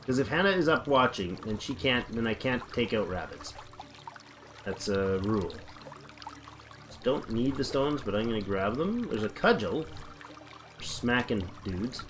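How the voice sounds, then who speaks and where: A man's voice: mid-range voice, lively intonation, unhurried, pauses often, fairly bright tone, a little hiss or hum. A man casually chatting on a livestream while playing a game, rambling and thinking aloud as he reads the chat. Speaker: game streamer.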